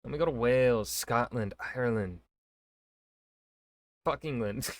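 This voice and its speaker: A man's voice: mid-range voice, a little slow, dry recording, clean studio sound. A man casually reacting to a history video, thinking aloud with jokes and fillers.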